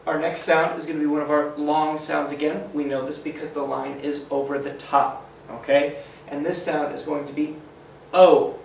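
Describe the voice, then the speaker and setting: A man's voice: a little high, level tone, vocal fry, slight background noise. A man teaching a phonics lesson to children, sounding out letters one by one and cheering the class on. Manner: slow, sounds out letters, encouraging. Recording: roomy echo, mic at a distance.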